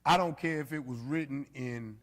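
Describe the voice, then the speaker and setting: A man's voice: medium pitch, moderate pace, fairly bright tone. Man teaching Bible study in an echoey hall. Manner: conversational, frequent fillers, addresses the group directly. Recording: reverberant hall.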